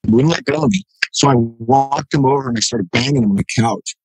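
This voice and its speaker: A middle-aged jiu-jitsu black belt guests on a podcast, telling a story in a mid-pitched, slightly rough voice at a fairly quick clip. The sound is dry and close with no room sound, though the recording is rough. He's an animated storyteller in this casual interview, acting out quotes and often saying "you know" and "right?".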